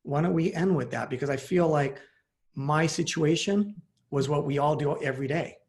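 A man's voice: a little high, moderate pace, a little mellow. A man hosting a casual chat, telling a personal story in a reflective, confessional way. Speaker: host.

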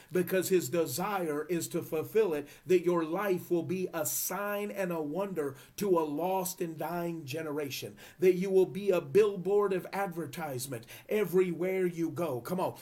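A man's voice: sits high, a little mellow. A man preaching a sermon, fervent and emphatic, repeating his phrases for emphasis. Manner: drops to a whisper at times.

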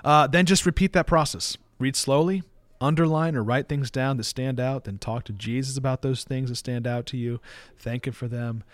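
Earnest pastor, dry close sound. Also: male voice, medium pitch, fairly even intonation, no echo. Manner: earnest, plain-spoken, reads verses slowly and deliberately. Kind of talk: sermon teaching.

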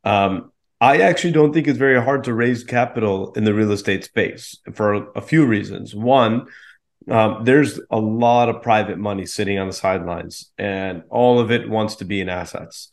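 A man's voice: on the low side, moderate pace. A man, a real estate investor guest on a podcast, explaining his approach confidently with casual fillers. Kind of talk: podcast interview.

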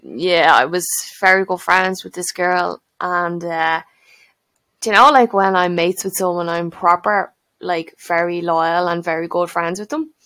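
Young Dublin woman co-hosting a podcast, bright lowish voice, dry close mic, teasing and profane. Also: a little slow, no room sound. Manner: sweary, teasing, laughing. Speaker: podcast co-host. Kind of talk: casual chat.

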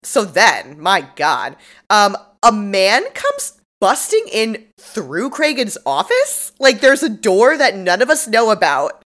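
A woman's voice: medium pitch, wildly swooping pitch, slow pace, fairly bright tone. A woman co-hosting a podcast, telling the plot in an exasperated, sweary way with mock-dramatic quotes. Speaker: podcast co-host. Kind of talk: casual comedic recap.

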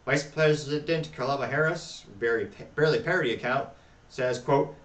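A man hosting a talk show, reading social media replies aloud with wry, deadpan asides. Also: on the high side, moderate pace, reverberant, distant mic. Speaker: podcast host.

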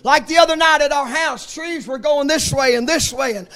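High-pitched fervent preacher man in his fifties. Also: moderate pace, sharp tone. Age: 50s. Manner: fervent, emphatic preaching with repeated refrains. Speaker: pastor. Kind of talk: sermon.

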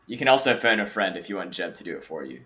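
A man's voice: low-pitched, big pitch swings, quick pace, bright, forceful tone. A young man hosting a podcast quiz in casual chat, playful and often laughing. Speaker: podcast host running a quiz.

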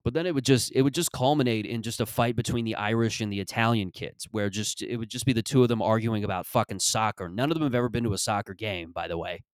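A man's voice: fairly low pitch, quick pace, few pauses, smooth, no echo, studio quality. A man in his thirties hosting a podcast, telling stories in a rambling, profane, comedic monologue. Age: 30s. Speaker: podcast host.

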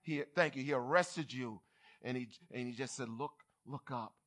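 A bishop preaching a lively church sermon, who talks back and forth with the congregation. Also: male voice, medium pitch, normal speed. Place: church service.

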